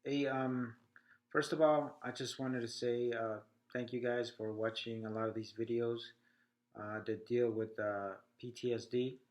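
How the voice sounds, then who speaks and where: A halting man, short of breath. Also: mid-range voice, flat delivery. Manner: halting, many fillers. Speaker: veteran video blogger. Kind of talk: casual talk to camera. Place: indoors.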